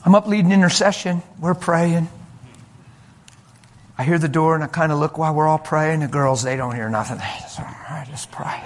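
A man preaching a sermon and telling a story from his ministry, animated and emphatic, moving between loud and soft delivery. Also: a little high, normal speed. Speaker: pastor.

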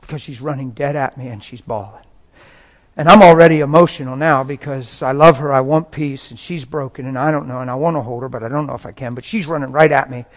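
A man's voice: medium pitch, steady tone, fast talker. A man preaching a personal testimony in a dramatic, emotional storytelling manner.

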